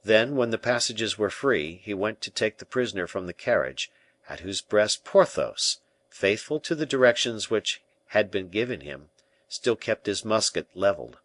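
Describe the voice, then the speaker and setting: Deep-voiced male audiobook narrator. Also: expressive, moderate pace, a bit bright, dry recording. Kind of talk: scripted narration.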